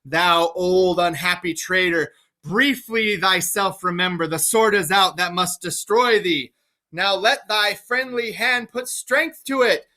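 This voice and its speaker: A man voicing a gloating servant, speaking slowly and drawing out each word. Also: high voice, bright, forceful tone. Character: scheming male servant, gloating.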